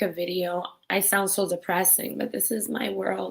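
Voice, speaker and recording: A woman's voice: medium pitch, little pitch movement, moderate pace, vocal fry, few pauses. A young adult woman talking candidly and tearfully in a personal vlog, swearing now and then. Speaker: vlogger.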